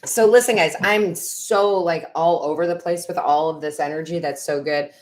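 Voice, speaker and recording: Speaking at a normal pace in a low voice, a middle-aged tarot reader and medium hosts a relaxed live stream. She reads out viewer comments, laughs, and becomes emotional.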